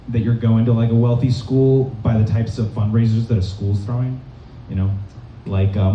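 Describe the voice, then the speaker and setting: A young man from Massachusetts doing a rambling stand-up set in a comedy club, deadpan and full of fillers. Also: on the low side, slight background noise. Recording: dull, roomy, distant club recording.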